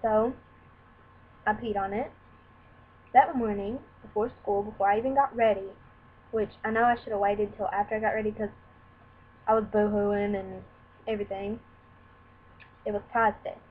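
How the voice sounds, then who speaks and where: A woman's voice: mid-range voice, steady tone, normal speed, long pauses, husky. A young woman tells a personal story to camera in a candid, rambling way, acting out what others said. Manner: candid, rambling, acts out quoted dialogue. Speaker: vlogger. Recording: tinny lo-fi sound with faint hiss.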